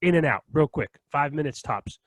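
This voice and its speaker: Animated, cursing young man telling a story. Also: on the high side, moderate pace, dry recording. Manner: animated, profane, keeps checking in with the listener. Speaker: podcast co-host. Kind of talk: casual storytelling chat.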